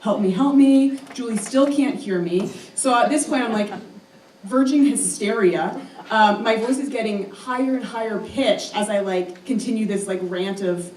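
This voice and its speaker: Her mid-range, slightly mellow voice moves at a moderate pace, picked up far from the mic with slight background noise. The young woman shares a personal story on stage in a roomy live hall, chatty and self-deprecating, using lots of "um" and "like".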